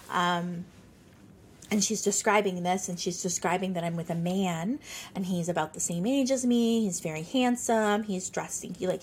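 Woman, 30s, podcast host; husky, airy tone, middle pitch, chatty and earnest solo storytelling. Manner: chatty, earnest, sprinkles talk with "like".

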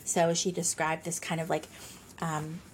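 A woman's voice: low voice, flat delivery, unhurried, a little hiss or hum. A woman in her thirties hosting a podcast, telling a personal story in a chatty, earnest way with many casual fillers. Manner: chatty, earnest, sprinkles talk with "like". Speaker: podcast host.

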